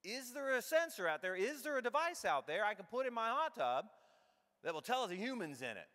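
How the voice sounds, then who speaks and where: A middle-aged man giving a comedic keynote talk, animated and irreverent, acting out his own thoughts as he tells the story. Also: extremely high pitch, a little fast. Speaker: keynote speaker. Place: large conference hall. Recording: long hall reverb.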